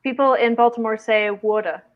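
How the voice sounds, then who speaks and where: A woman's voice: fairly high pitch, moderate pace, lo-fi sound. A woman from the American Midwest hosting a casual livestream chat, chatty and reading viewer comments aloud. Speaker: livestream host.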